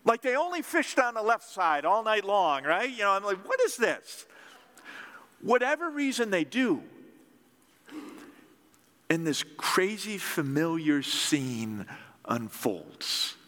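A man preaching a sermon in a lively, conversational storytelling way. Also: high voice, takes it slowly, in a large hall. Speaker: pastor.

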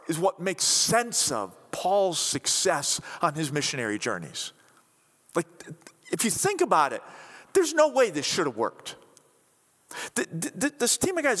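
Male pastor, chatty and animated, pitch swinging all over, preaching to a congregation. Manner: animated, conversational, acts out quotes. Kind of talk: sermon. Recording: reverberant hall.

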